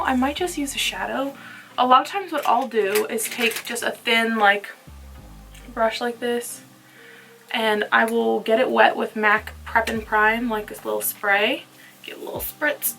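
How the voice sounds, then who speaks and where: Young woman, casual beauty vlog chat, playful, slightly high voice, gravelly fry. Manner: chatty, playful, drifts into soft murmurs. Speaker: beauty vlogger. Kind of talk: casual makeup tutorial chat.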